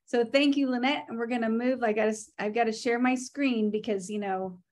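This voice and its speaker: A woman hosting a relaxed team call, her voice sitting a little higher than most. She talks in a gushing, chatty rush, full of praise and fillers like "right?" and "like". It is casual, friendly video-call talk. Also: fairly quick.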